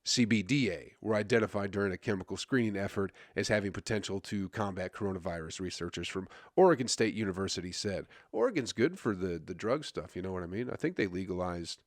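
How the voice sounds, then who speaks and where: A man's voice: low-pitched, fairly quick, no room sound, clean studio sound. A male comedian hosting his own podcast, rambling in a crude, self-mocking casual monologue full of fillers and stumbles. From USA.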